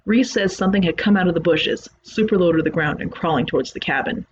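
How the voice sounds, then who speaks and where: A storyteller reads a creepy first-person tale aloud, keeping a plain, conversational tone. The voice sits at a middle pitch. The home recording sounds slightly muffled, with a faint hiss underneath. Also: fast. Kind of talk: reading a horror story aloud.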